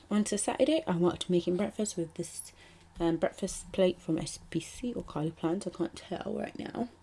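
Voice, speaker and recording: Here a planner vlogger, a young British woman, gives a casual voice-over of her spreads. She has a lowish, slightly dark voice and chats in a rambling way, dropping in ums and small asides.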